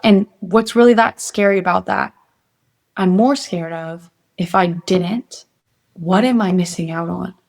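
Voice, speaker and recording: A woman's voice: lowish voice, a little slow, a little mellow. A young adult woman speaking as an interview guest, earnest and motivational as she lays out steps for facing fear. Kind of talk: casual interview.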